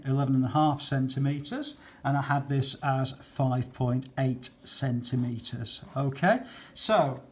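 A man talking through maths exam questions in a patient, chatty way, often checking in with "okay". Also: medium pitch. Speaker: maths teacher.

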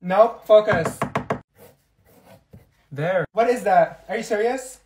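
A man's voice: high-pitched, slow pace, reverberant, far from the mic, noisy background. A man playing a stern, exasperated teacher. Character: strict female teacher scolding her students. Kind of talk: comedy sketch.

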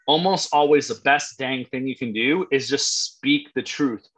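A male real estate coach with a bright, forceful voice that cuts through. He talks bluntly and emphatically and swears freely to drive each point home. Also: medium pitch, a little slow, slightly rough, poor audio. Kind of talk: live coaching talk.

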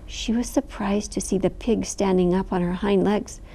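A woman storyteller reading a picture book aloud, expressive and animated, with sound effects. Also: mid-range voice, moderate pace.

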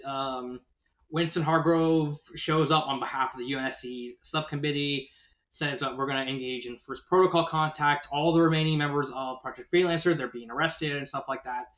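A man's voice: a little high, steady tone, moderate pace, fairly bright tone, reverberant. A man giving a casual spoken review of a fan story, rambling and often correcting himself mid-sentence. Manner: rambling, self-correcting, lots of "like".

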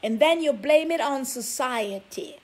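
Sassy high-voiced woman scolding. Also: animated, measured pace. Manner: scolding, sassy rhetorical questions. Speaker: vlogger giving relationship advice. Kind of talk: preachy talk to camera.

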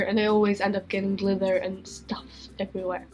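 A young woman from Sweden chats to her camera in her bedroom, rambling, giggling and breaking off her own sentences. Her voice sounds strained and worn. Soft music plays faintly behind her. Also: medium pitch, little pitch movement, a little fast, few pauses. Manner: rambling, giggly, self-interrupting. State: strained, fading voice. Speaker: vlogger. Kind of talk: casual chat answering viewer questions.

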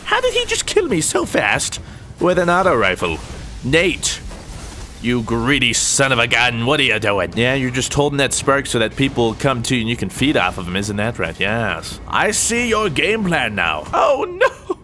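A hoarse young man narrates his match in a goofy, self-mocking way. His pitch leaps around, breaking into excitable yelps. A faint hiss sits underneath. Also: normal speed. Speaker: gaming YouTuber. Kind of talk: gameplay commentary.

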